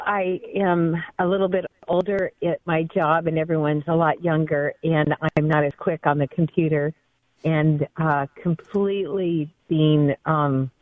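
A woman's voice: low voice, no room sound. A woman in her fifties calling in to a radio show, telling a personal story in an earnest, emotional way over a phone line. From Southern California. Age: 50s. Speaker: caller. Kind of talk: call-in radio testimony.

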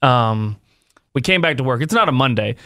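A man's voice: mid-range voice, lively intonation, moderate pace, pushed and bright. A man from Northern California, a radio host joking and laughing through a casual chat with his co-host.

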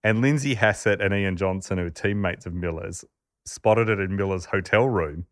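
A man casually telling anecdotes on a podcast, chatty and animated, laughing as he goes. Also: low-pitched, normal speed, no echo, clean studio sound. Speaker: podcast host telling a story. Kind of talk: casual storytelling chat.

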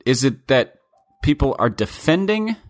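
A man's voice: medium pitch, measured pace, dry recording, studio quality. A man co-hosting a casual podcast, chatting and reading a sponsor promo. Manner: chatty, animated, breaks into relaxed ad reads. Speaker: podcast co-host.

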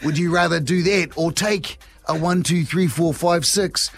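High-pitched nz radio guy joking around with a guest, light music bed. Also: fairly even intonation, unhurried. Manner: teasing, laughing, blokey banter. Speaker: radio show co-host. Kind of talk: joking breakfast radio chat.

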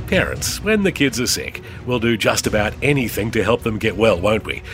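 A man's voice: fairly low pitch, lively intonation, normal speed. A man reading a scripted introduction for a radio program in a friendly announcer delivery. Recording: dry studio voice over soft music.

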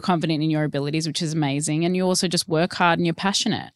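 A woman's voice: deep voice, fairly even intonation, rapid-fire, dry recording, clean studio sound. A woman hosting a casual chat, telling stories with a laugh. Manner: chatty, laughing storyteller.

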